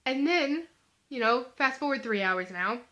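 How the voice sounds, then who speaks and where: A teenage girl telling a comic story to the camera, talking fast and animated, full of "like" fillers. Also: high-pitched. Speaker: vlogger.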